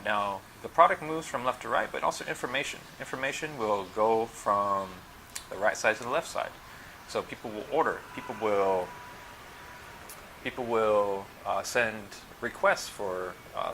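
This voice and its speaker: A man from the United States with a somewhat low but bright, forceful voice talks casually to his viewers. He explains his consulting work patiently, one step at a time, with a faint hum of room noise behind him. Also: normal speed, low-quality recording. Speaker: supply chain consultant and channel host. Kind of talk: casual explanatory talk to camera.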